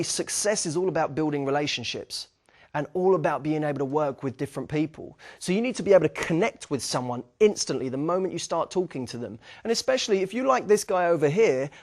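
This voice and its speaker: A young man giving a dating lesson, talking with energy and acting out bits of sample dialogue. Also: a little high. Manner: energetic, acts out sample dialogue, frequent "okay?" check-ins. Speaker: dating coach. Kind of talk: instructional talk to camera.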